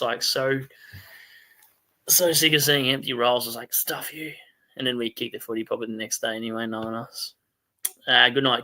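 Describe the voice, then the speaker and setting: Aussie guy hosting a late night stream, reading chat out, rambly and chatty, really bright sharp voice. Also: medium pitch. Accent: Australian. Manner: rambling, chatty, quick to laugh at himself. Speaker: fantasy football stream host. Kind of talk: casual late-night livestream chat, reading viewer comments.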